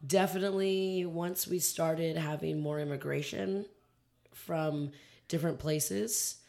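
A woman from California co-hosting a podcast, thinking out loud and teasing in casual chat. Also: sits low, fairly even intonation, slow pace, creaky. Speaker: podcast co-host.

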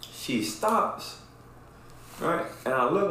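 A man's voice: lowish voice, moderate pace, a little hiss or hum. Profane storytelling man, echoey room. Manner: profane, animated, keeps asking "right?". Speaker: podcast host. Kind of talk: casual storytelling chat.

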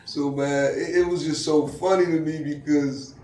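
A man who raps, telling a story in casual chat with profane slang and loud acted-out quotes. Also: on the high side, normal speed, roomy sound, recorded from a distance. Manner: animated, profane street slang, acts out quotes loudly. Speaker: rapper.

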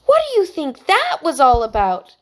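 A woman voicing a timid, sensitive young girl who speaks softly and hesitantly. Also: high voice, wildly swooping pitch, moderate pace, voice pushed up. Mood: contrite. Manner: soft, hesitant, contrite.

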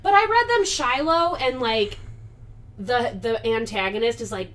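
A woman's voice: a little high, a little slow. A young woman teacher chatting casually with friends, telling classroom stories and acting out her students' voices. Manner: animated storyteller, acts out kids' voices, swears freely. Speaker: elementary school teacher.

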